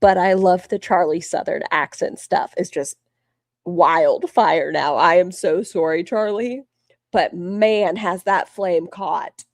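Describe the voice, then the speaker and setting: A woman's voice: fairly low pitch, slow, no room sound. Woman, stream co-host, dry sarcastic banter, close dry mic. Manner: sarcastic, joking. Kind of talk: casual reaction stream chat.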